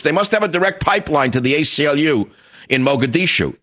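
A man hosting a political talk radio show, ranting in a combative, sarcastic monologue with sudden loud outbursts. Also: a little high, animated, quick pace, highs cut off.

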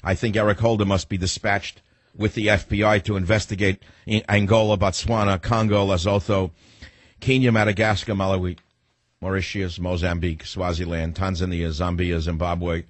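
Husky sarcastic talk radio host, man. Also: deep voice, flat delivery, dry recording. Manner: sarcastic, rhetorical questions, rapid-fire. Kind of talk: combative talk radio monologue.

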